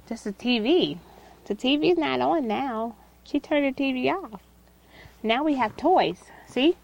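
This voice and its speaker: A woman's voice: high-pitched, lively intonation, a little slow, gravelly, long pauses, dull audio. A mother speaking in gasping, giggly baby talk while playing with toys with her child. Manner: sing-song, gasping, giggly.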